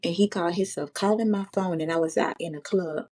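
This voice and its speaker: A woman guest on a podcast telling a personal story in casual chat, blunt, profane and emphatic. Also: fairly low pitch. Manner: fast, lively retelling.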